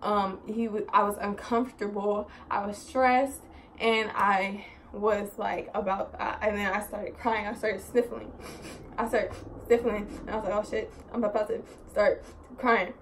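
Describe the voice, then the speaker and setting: Unhurried and mid-range in pitch, a young woman's vlog story wanders along casually and animatedly. "Like" and "so" fill her talk, she swears in exasperation, and there's slight background noise.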